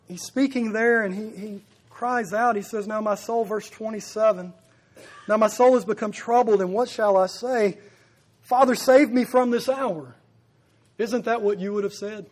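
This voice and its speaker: A man's voice: high-pitched, moderate pace. A man preaching a sermon, earnest and building to emphatic peaks, repeating his phrases.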